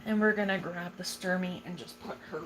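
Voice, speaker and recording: A woman's voice: fairly low pitch, brisk, heavy background noise. A young woman casually chatting on a livestream while tending her tarantulas, swearing freely and cooing at her spider. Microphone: phone.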